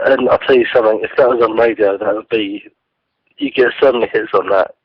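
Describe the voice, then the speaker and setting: A man's voice: on the low side, steady tone, a little fast, slightly rough, no room sound. Man on a tinny phone line. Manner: hesitant, filler-heavy replies. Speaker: phone-in guest, fellow radio host. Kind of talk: casual chat on the phone. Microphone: mobile phone.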